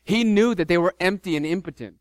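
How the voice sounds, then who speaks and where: A man, a pastor, preaching a sermon with animated delivery, acting out the disciples' complaints. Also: high voice, fairly quick, dry recording.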